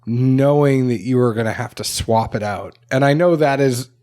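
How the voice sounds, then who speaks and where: A man's voice: mid-range voice, normal speed, warm tone, smooth. A man hosting a podcast, chatting casually and asking curious questions with a joking tone. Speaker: podcast host.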